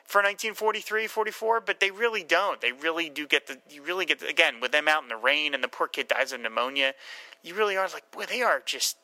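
A man in a casual film discussion, animated and acting out scenes with quoted voices. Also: fairly high pitch, quick pace, dry recording, low-quality recording.

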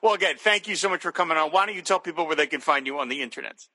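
Bright-voiced chatty male podcast host. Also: fairly high pitch, rapid-fire, long reverb tail. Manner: upbeat, chatty, with frequent fillers. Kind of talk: casual chat.

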